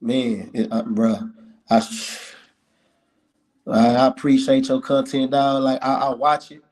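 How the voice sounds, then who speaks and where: A man's voice: mid-range voice, flat delivery, unhurried, darkish tone. A man hosting a podcast, chatting in a laid-back, slangy, agreeable way. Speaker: podcast host. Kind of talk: casual podcast conversation.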